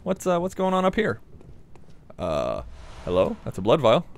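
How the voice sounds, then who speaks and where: A man's voice: a little high, huge pitch swings, moderate pace, gravelly, slight background noise. A man commentating his own gameplay in a playful, casual way, chatting to the enemies and swearing now and then. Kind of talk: let's play commentary.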